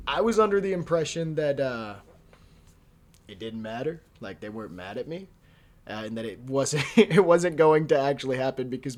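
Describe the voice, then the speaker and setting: A man's voice: mid-range voice, a little hiss or hum. Young man telling a wild story, swearing. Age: young adult. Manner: profane, laughing, slangy. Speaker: vlogger. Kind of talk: casual storytelling.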